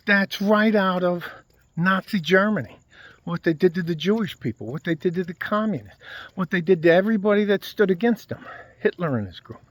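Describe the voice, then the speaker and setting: A man's voice: high voice, lively intonation, a little fast, no echo. A man from the United States delivering a profane, heated political rant straight to his viewers. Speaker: video blogger. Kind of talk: angry political rant to camera.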